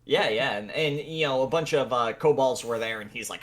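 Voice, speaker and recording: A man's voice: medium pitch, fairly quick, hardly any pauses. A man casually recapping a tabletop game session for friends, laughing and acting out the characters' lines as he goes. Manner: animated, laughing, acts out voices in the retelling.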